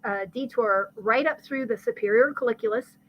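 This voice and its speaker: A woman, a guest expert, explaining brain science in conversation with a lively teaching manner and vivid everyday examples. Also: on the high side, normal speed, dull audio. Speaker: guest expert on ADHD and learning.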